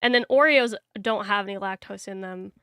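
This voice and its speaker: A woman's voice: medium pitch, a little fast, bright, forceful tone. A woman co-hosting a podcast, chatting casually and telling loose stories with fillers. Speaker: podcast co-host. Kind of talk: casual chat.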